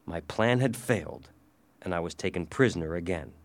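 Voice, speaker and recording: Low-voiced male storybook narrator. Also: lively intonation, normal speed. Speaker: audiobook reader.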